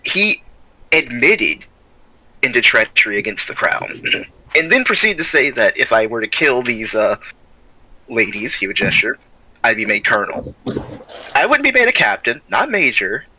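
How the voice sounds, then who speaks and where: A man plays a stoic, loyal young soldier in a tabletop game, his voice very bright and tense. He talks haltingly, hunting for names and clearing his throat, and the sound is close and dry with no room around it. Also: mid-range voice, big pitch swings, dry recording, exaggerated voice, low-quality recording. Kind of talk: in-character tabletop role-play.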